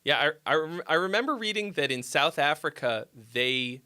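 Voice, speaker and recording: A man hosting a live stream, chatting casually with viewers in a rambling, profane, excitable way and answering their comments. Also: on the high side, moderate pace, clear, resonant tone. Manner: reads viewer comments aloud and replies. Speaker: livestream host giving song critiques.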